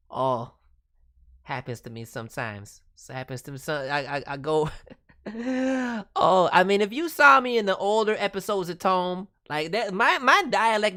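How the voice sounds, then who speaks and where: A man's voice: high-pitched, bright, forceful tone. Casual man giving voice demo feedback. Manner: friendly, critiques with hesitant restarts, lapses into slang. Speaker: streamer reviewing voice demos.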